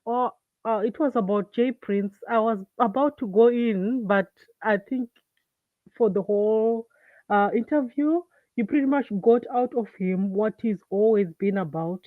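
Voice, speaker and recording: A woman from Africa calls in for a casual chat over a tinny, dry phone line with no room sound. Her voice is fairly high and a little slow, and she sounds hesitant, full of fillers and restarts.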